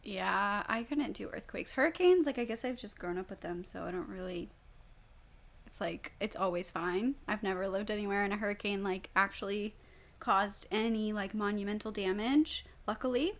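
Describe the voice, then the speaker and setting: A woman's voice: medium pitch, normal speed. A young woman from Tennessee co-hosting a podcast, telling easygoing stories and giggling often. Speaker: podcast co-host. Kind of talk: casual chat.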